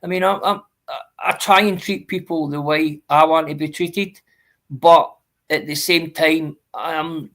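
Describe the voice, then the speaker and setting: A man's voice: on the high side, steady tone, unhurried, fairly bright tone. A man, a guest on a casual live-stream chat, earnest and swearing, calling people mate.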